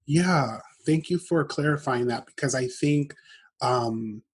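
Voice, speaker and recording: A man's voice: medium pitch, slow, breathy edge. A man hosting a casual podcast interview, talking loosely with fillers and self-corrections. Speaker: podcast host.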